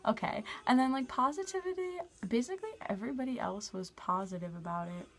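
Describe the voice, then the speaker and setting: A young woman vlogging in a casual, chatty way, blunt and quick to swear. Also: on the high side, expressive, low-quality recording. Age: young adult. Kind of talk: casual vlog talk to camera.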